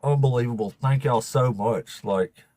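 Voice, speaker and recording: A man hosting a casual livestream, laughing and swearing as he thanks viewers, emotional and fighting back tears in a raspy voice. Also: mid-range voice, unhurried, mellow, no room sound, studio quality. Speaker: livestream host.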